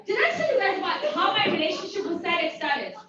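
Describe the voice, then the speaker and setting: A woman's voice: very high-pitched, quick pace, noisy background. Give me a playful South African woman in her forties hosting a talk, heard from a distance with a dull, muffled sound. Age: 40s. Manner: animated, playful, acts out voices of others. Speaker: host. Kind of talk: storytelling talk to a live audience. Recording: very echoey hall from far off, dull sound.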